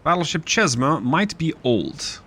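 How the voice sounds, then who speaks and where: A man's voice: fairly high pitch, big pitch swings, unhurried, a bit bright. Man casually narrating a strategy game. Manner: casual, thinking aloud with fillers. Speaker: gaming YouTuber. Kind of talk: let's play commentary.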